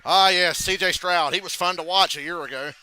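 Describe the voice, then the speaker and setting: A man's voice: sits high, a little fast, pushed and bright, clear, resonant tone. A man hosting a casual live reaction to a football game, telling stories in a loose, profane, laughing way.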